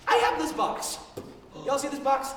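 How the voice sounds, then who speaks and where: A young woman hosting a live improv comedy show on a large stage, bubbly and laughing as she calls out cues, filmed from far off in an echoey hall with a loud crowd. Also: sits high, animated, moderate pace. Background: audience crowd and noise.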